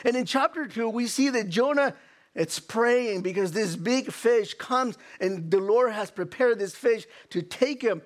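A male preacher with a high voice delivers an animated sermon. He stammers and restarts often. He keeps throwing rhetorical questions at his listeners. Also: unhurried.

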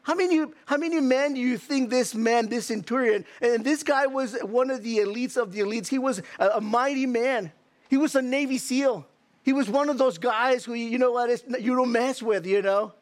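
A man preaching a sermon, earnest and halting, often restarting and acting out quotes. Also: extremely high pitch.

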